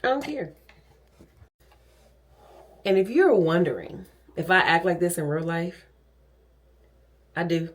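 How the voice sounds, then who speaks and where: A woman's voice: on the low side, measured pace, pauses often. A middle-aged woman vlogging in a casual, chatty and dramatic way. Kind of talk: casual chat.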